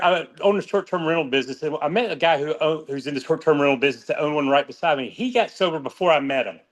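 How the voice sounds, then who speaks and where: A man's voice: on the high side, a bit bright. A middle-aged man, author and podcast guest, talking candidly and rambling with frequent restarts. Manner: rambling, restarts often, emotional about friends. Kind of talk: candid conversational interview.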